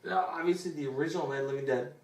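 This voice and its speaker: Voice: mid-range voice, very fast. Crude rambling reviewer, echoey room, distant mic. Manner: rambling, crude, animated storytelling. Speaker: movie reviewer. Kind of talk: comedic movie review chat.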